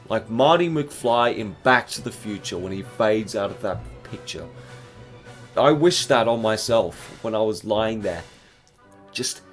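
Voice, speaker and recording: A twenty-one-year-old man giving an exaggerated, profane, mock-dramatic comic review, with faint music behind him. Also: mid-range voice. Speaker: vlogger reviewing candy.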